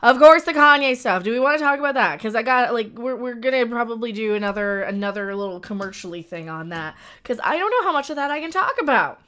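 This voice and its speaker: A woman's voice: fairly high pitch, lively intonation, quick pace, hardly any pauses, fairly bright tone. A woman hosting a casual livestream, rambling with frequent laughs and restarts. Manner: rambling, laughs often, self-interrupting. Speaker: livestream host.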